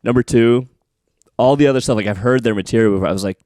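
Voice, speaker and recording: A man's voice: mid-range voice, fast, dry recording, studio quality. A man, a comedian, chatting on a podcast, telling stories with acted-out quotes and frequent laughs. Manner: animated storyteller, acts out quotes, laughs often. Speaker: comedian guest. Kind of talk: casual chat. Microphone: studio mic.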